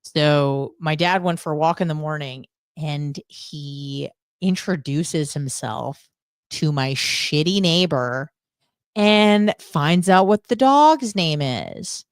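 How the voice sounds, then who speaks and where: A woman with a low, smooth and resonant voice, ranting casually as a show co-host. She tells her story bluntly, with profanity and sarcasm, and the recording is close and dry. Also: animated, slow, dry recording. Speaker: podcast co-host.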